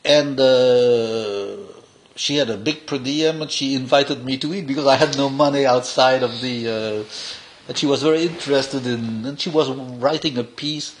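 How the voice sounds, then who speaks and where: Older guy spinning rambling stories from old film shoots, non-native english, mid-pitched voice. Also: moderate pace, a little hiss or hum. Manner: rambling, animated anecdotes with frequent laughs and restarts. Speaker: cinematographer being interviewed. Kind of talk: casual anecdotal storytelling.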